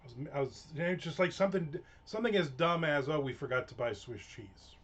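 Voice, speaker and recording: A man's voice: a little high, lively intonation, brisk, dull audio. A man on a live stream, telling an aggravated, profane story in a casual rant. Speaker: livestream host. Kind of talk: casual ranting monologue.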